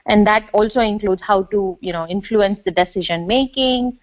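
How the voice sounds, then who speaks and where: A woman agile coach explaining her ideas in a casual panel discussion, pausing with fillers and clearing her throat. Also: mid-range voice, no echo, poor audio.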